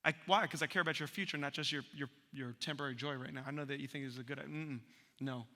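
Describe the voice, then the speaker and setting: A man preaching a sermon as pastor, conversational and humorous, an animated storyteller who acts out voices, recorded live in a church sanctuary. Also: medium pitch, fast talker. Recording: long church hall reverb from a live sermon.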